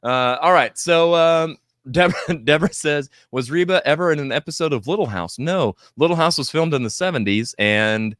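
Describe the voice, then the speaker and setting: A man's voice: a little high, normal speed, fairly bright tone, dry recording, clean studio sound. A man hosting a podcast, casually chatting and reading live comments with a joking, laughing manner. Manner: jokey, laughs often. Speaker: podcast host.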